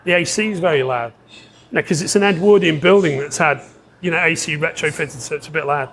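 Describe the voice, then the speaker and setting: A man telling a long story in a casual podcast chat, animated, laughing often and swearing, with many restarts. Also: a little high, fast talker. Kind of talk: casual anecdote.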